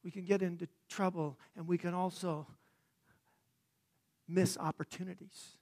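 A man preaching a sermon, praying and then telling a story dramatically, swelling loud and dropping to a hush. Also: high voice, fairly even intonation, a little slow. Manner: dramatic, swelling and hushing by turns. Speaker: pastor.

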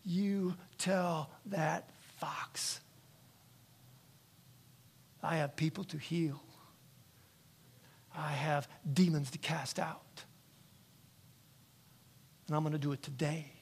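A man voicing Jesus as calm and firm, quietly defiant. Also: a little high, drawn-out words, creaky, long pauses, husky, big-room sound, exaggerated voice. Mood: calm defiance. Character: calm, steadfast adult male Jesus.

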